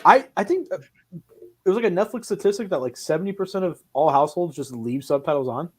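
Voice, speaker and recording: An animated man chatting casually on a film podcast. He tells stories with energy and swears freely. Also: high voice, a little fast, breathy edge. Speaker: podcast co-host. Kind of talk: casual chat.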